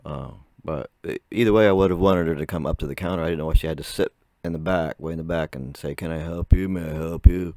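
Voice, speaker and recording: A young man with a very low voice that still cracks now and then tells a long, rambling story straight to camera. He chats casually and laughs often between his sentences. The sound is dry and close, with no room around it. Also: fast talker, hardly any pauses, darkish tone, no echo. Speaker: vlogger.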